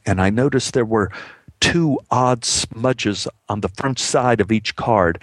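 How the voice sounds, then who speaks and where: A man tells a personal story in a measured, heartfelt way, his voice gravelly with a touch of fry. The sound is close and dry, with no room around it, and he slips into the people he quotes as he talks. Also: fairly low pitch, no echo.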